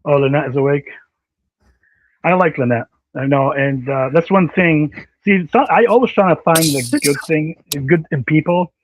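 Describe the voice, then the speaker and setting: A man hosting a casual online panel chat, rambling and animated with many fillers. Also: fairly high pitch, normal speed, no echo. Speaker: panel stream host. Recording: slightly dull dry audio.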